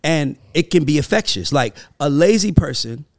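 Gravelly Southern man, emphatic talk. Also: lively intonation, normal speed, dry recording, studio quality. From American South. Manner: emphatic, storytelling, swings between low and high. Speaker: podcast co-host. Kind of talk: casual chat.

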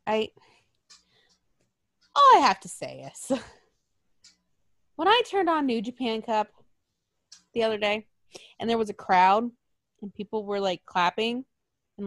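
High-pitched woman, profane and rambling. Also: dry recording. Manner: profane, rambling and animated storytelling. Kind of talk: casual chat.

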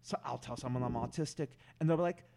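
A young man, a stand-up comedian, chatting casually on a podcast, animated and often restarting his words. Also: mid-range voice, fast, gravelly.

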